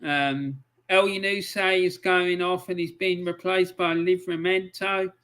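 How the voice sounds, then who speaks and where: A man giving live match commentary on a stream, swearing often and breaking into angry outbursts between calm play-by-play. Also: sits high, unhurried, clean tone.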